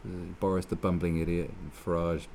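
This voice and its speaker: Gravelly, sweary man ranting. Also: low-pitched, level tone, fairly quick, darkish tone, slight background noise. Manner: sweary, sarcastic, rambling with many restarts. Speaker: political commentator. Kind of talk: ranting monologue.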